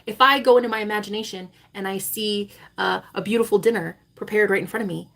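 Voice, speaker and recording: A woman in her thirties, a spiritual coach, talking to her vlog viewers in a dramatic, swearing monologue that swings between loud declarations and hushed asides. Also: mid-range voice, quick pace, gravelly. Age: 30s.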